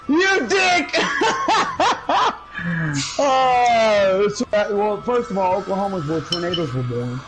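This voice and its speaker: A male gaming streamer telling a story in casual chat, loud and profane, bursting into laughter, and high while he talks. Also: lively intonation, slow, pauses often, loud music behind the voice, low-quality recording. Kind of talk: casual storytelling over gameplay.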